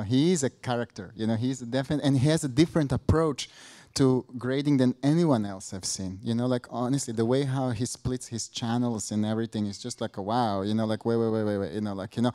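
A man hosting a meetup interview, talking in a relaxed, conversational way. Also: mid-range voice, quick pace. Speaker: meetup host. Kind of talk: casual interview chat.

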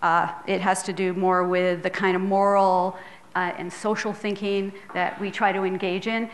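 A woman's voice: medium pitch, little pitch movement, normal speed. A middle-aged woman, a public health professor, giving an earnest, conversational lecture in a filmed hall, checking in with the audience as she goes. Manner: earnest, conversational, with tag questions. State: tearful at times.

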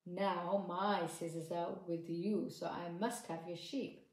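A woman voicing a small, pushy, wandering male mouse in a storybook with bright, pleading sing-song lines. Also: on the low side, steady tone, slow. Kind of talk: storybook narration. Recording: echoey room.

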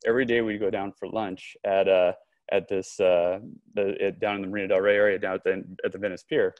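Brief: low male voice, animated storyteller, dry close-miked studio sound. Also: fairly quick, no echo, phone-quality sound. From Southern California. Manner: animated storyteller, frequent restarts and quoted dialogue. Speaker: podcast guest, company co-founder. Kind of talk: storytelling in a conversational interview.

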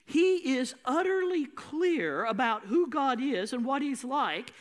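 A man's voice: extremely high pitch, lively intonation, slow. A male pastor preaching a sermon with an emphatic, repetitive cadence.

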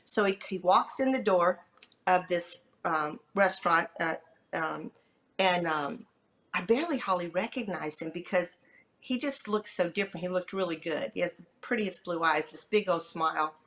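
A middle-aged woman guest on a podcast, telling a personal story in a lively way and acting out the quoted dialogue. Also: moderate pace. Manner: lively, acts out quoted dialogue with pitch jumps.

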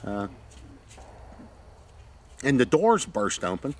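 Speaking slowly in a mid-range voice, this man, a retired Navy SEAL, spins war-buddy yarns in a relaxed, profane, animated way, acting out each scene. A little hiss or hum sits under the recording.

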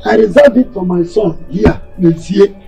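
A man with a Nigerian accent playing a firm elder brother and father who refuses a demand and calms his son. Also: high voice, vocal fry, soft background music, poor audio. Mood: stern. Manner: stern, deliberate, religious reassurance.

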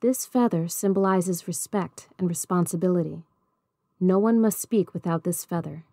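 A woman reading as a calm circle keeper woman. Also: lowish voice, moderate pace, no room sound, clean studio sound.

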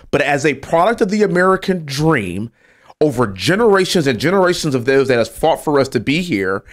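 A man, a congressman, speaking emphatically on a political talk show and building to indignant peaks. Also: a little high. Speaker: congressman guest.

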